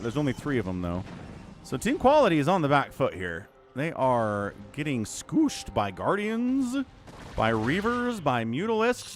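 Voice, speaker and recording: A man's voice: mid-range voice, a little hiss or hum. A man streaming casual game commentary, sarcastic and rambling as he talks to his chat. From United States. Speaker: esports caster and streamer.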